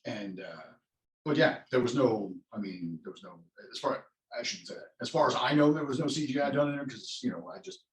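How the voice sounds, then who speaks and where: A man's voice: mid-range voice, fairly quick. A man, an actor being interviewed, talks in a casual, rambling way with many restarts and self-corrections. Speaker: actor guest. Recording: roomy echo.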